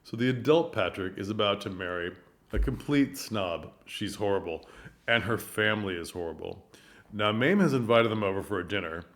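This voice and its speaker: A man giving earnest, animated commentary on a stage production, telling the story with frequent restarts. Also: on the low side. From United States. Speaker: theater commentator. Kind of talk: casual commentary.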